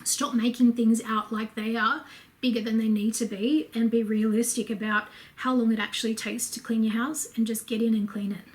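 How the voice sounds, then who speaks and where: A woman with an Australian accent talks to camera in a relaxed home vlog. Her voice sits a little higher than most. She is chatty and candid, drifting between asides and fillers as she answers viewer questions. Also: moderate pace. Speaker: home and lifestyle vlogger. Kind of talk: casual Q&A chat to camera.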